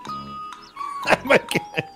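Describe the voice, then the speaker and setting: A man's voice: very high-pitched, wildly swooping pitch, drawn-out words, bright, forceful tone, faint music behind. A man chatting on a live stream voice call, joking and teasing with a laugh never far off. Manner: jokey, laughs often, teasing. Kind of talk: casual chat over voice call.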